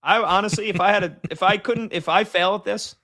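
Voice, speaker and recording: Guy cohosting sports radio, bright voice, rambly and jokey. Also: sits high, a little fast. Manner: loose, rambling, joking. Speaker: radio show co-host. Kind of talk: casual sports radio banter.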